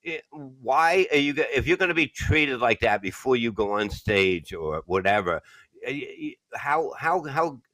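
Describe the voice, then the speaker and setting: A man's voice: mid-range voice, measured pace, no echo, poor audio. A man with a New York accent, hosting a casual podcast chat, blunt and full of swearing as he tells stories. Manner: blunt, swearing, animated storytelling. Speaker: podcast host.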